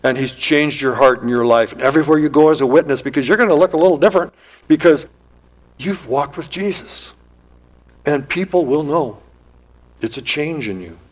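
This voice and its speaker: A man's voice: fairly high pitch, normal speed, rough recording. A man preaching a sermon in an earnest, emphatic style, his voice rising and dropping as he speaks. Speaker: pastor.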